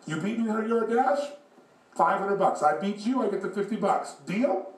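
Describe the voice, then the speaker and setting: A sly, folksy old man around seventy, put on by a man telling a story, pitched way up with a drawling, teasing voice. The sound is echoey and caught from well back in the room. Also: animated, fairly quick. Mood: challenging. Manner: high, drawling, folksy speech. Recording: echoey room, far from mic.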